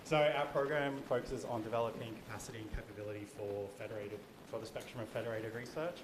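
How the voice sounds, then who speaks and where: A man with an Australian accent giving a research pitch talk at a conference, loose, with fillers and self-corrections. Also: steady tone, fast. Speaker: conference presenter. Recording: echoey room with clear noise.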